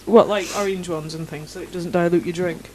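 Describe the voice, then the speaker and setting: A woman's voice: on the low side, steady tone, brisk, dark tone, faint music behind. Giggly, teasing young Englishwoman. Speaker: podcast co-host. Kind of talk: casual chat.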